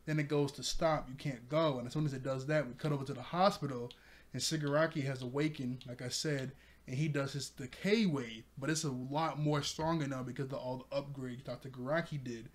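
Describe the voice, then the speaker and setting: A man sits by his TV and walks through an anime episode in a loose, chatty way. He laughs easily, trips over his words and corrects himself as he goes. His voice sits at an ordinary middle pitch for a man. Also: steady tone, brisk. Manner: rambling, laughs often, self-corrects. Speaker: anime reviewer. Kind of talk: casual recap. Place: room with a TV.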